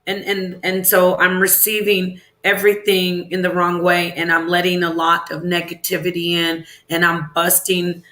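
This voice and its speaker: Woman livestreamer, chatty and meandering, bright tone, echoey room. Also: fairly low pitch, completely flat delivery, moderate pace, hardly any pauses. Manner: chatty and rambling, answers viewers, asks questions aloud. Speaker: livestream host. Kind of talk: casual livestream chat, reading viewer comments. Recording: roomy echo.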